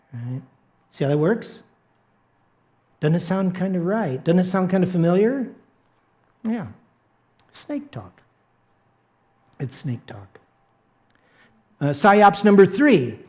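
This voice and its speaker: A man preaching to his congregation in a relaxed, conversational way. He talks slowly and deliberately, repeating key phrases and checking in with the room. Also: high voice. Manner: conversational, repeats catchphrases, asks the congregation "right?". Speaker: pastor. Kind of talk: sermon.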